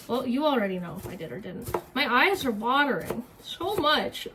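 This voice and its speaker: High-voiced rambling woman cooking. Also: big pitch swings, moderate pace, few pauses. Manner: rambling, self-mocking, swears freely. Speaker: streamer and cooking vlogger. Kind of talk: casual cooking vlog chat. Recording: noisy kitchen with chopping sounds.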